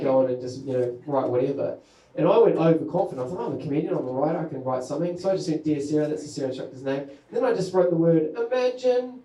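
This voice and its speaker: A man, doing a rambling, self-mocking stand-up set about parenting. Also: fairly high pitch. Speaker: stand-up comedian. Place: comedy venue with an audience. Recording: echoey room.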